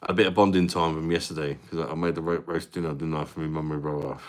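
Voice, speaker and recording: A man's voice: rumbling low, fairly even intonation, fast. A man hosting a live stream, chatting casually with viewers, laughing often and greeting them by name. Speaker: livestream host reading chat.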